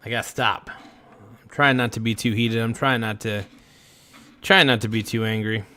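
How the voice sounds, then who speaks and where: A man's voice: fairly low pitch, fairly even intonation, moderate pace, pushed and bright. A man hosting a casual late-night livestream, rambling and self-reflective, trailing off with fillers and restarts. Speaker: livestream host.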